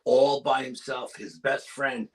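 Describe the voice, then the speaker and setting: A man, a paranormal researcher appearing as a guest, telling a story in casual chat with urgent energy and dropping to hushed tones for suspense. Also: mid-range voice, fairly even intonation, slow, low-quality recording.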